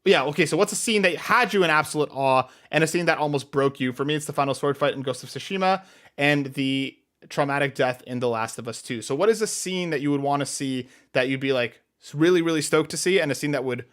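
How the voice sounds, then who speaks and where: A man's voice: fairly high pitch, fairly quick, a bit bright. A man co-hosting a casual podcast in an upbeat way, reading listener questions aloud and answering them. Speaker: podcast co-host.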